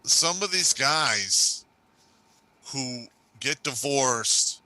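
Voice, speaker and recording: Male livestream co-host, very bright and tense voice, blunt and forceful with his opinions. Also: medium pitch, animated, very slow, no room sound, low-quality recording. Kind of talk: casual chat.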